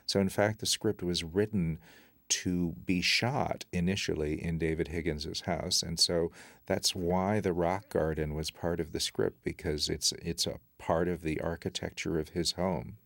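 Brief: deep, gravelly-voiced man, the screenwriter explaining choices, dry close sound. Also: steady tone, unhurried, no room sound. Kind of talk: commentary track chat.

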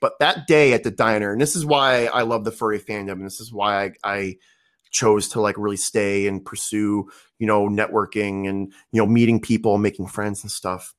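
A man's voice: on the low side, fairly even intonation, normal speed. A man in his thirties telling a casual story, rambling with lots of fillers and restarts. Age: 30s. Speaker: podcast guest.

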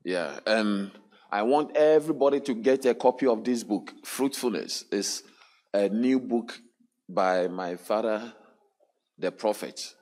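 A man's voice: fairly low pitch, a little slow, a little mellow. A man preaching a sermon at a church service, drawing responses from the congregation with frequent hallelujahs and questions. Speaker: pastor.

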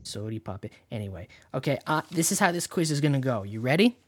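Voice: mid-range voice, big pitch swings, fast talker, breathy edge, no echo. A podcast co-host from Canada, chatting casually and joking while explaining things for listeners. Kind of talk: casual chat.

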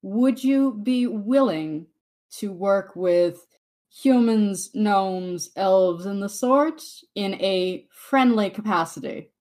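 A woman voicing a courteous male envoy in a tabletop game, speaking in polite, measured, flattering terms. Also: medium pitch, natural voice.

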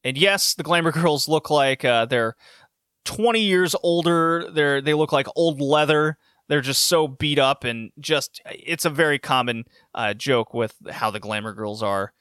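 Bright-voiced sarcastic man reviewing wrestling. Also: a little high, measured pace, clean tone, no room sound, clean studio sound. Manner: sarcastic, opinionated, frequent self-corrections. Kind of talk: casual recap and commentary.

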